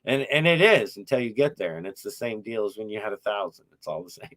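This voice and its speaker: A man's voice: lowish voice, lively intonation, fast, fairly bright tone. A middle-aged man hosting a casual podcast chat, telling rambling, profane, wry stories about his YouTube channel.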